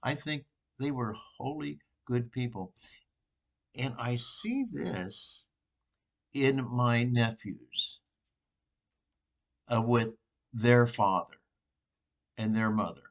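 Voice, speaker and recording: An older man, a priest, giving an informal, rambling sermon reflection with pauses and restarts. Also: mid-range voice.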